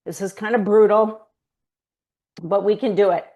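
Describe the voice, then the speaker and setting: A woman's voice: medium pitch, fairly even intonation, normal speed, dark tone. A woman leading a pilates class, giving cues and counting reps as she does the moves herself, a bit out of breath. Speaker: pilates instructor. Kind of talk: guided exercise class instruction.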